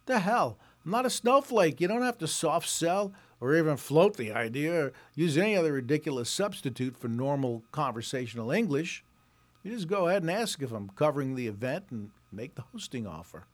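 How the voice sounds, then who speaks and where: Wry man in his sixties, host of a commentary show, lively up-and-down delivery, dry mocking humor. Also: brisk. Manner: sarcastic and wry, with mocking voices when reading pitches aloud. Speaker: reporter and podcast host. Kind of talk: scripted comedic commentary.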